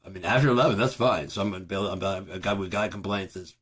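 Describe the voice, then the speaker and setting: A man vlogging at home in a profane, rambling monologue. His voice is raspy and hoarse from screaming. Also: low voice, fairly even intonation, quick pace. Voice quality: raspy, gravelly. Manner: profane, ranting, with bursts of loud shouting.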